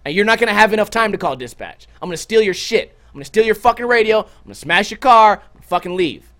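High-voiced young man, profane streamer. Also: quick pace. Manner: animated, swears constantly, jumps into loud quoted outbursts. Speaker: livestream host. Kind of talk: casual profane storytelling to a stream chat.

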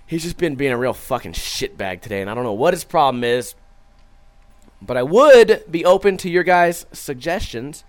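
A man's voice: a little high, normal speed. A young man streaming, chatting casually and profanely, acting out his stories and reading viewer comments. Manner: profane, animated, acts out his own stories.

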